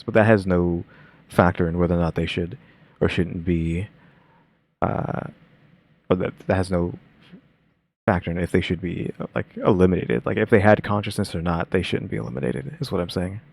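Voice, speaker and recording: A man's voice: low voice, moderate pace, vocal fry, darkish tone. A man co-hosting a casual reaction chat, rambling with lots of filler words. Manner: rambling, many fillers and restarts. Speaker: co-host reacting.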